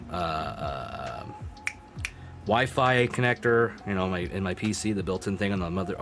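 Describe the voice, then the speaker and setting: Chill streamer dude w a lowish voice, swears a lot, faint music behind. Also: male voice. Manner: swears freely, laughs often, reads chat aloud. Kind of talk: casual live-stream chat.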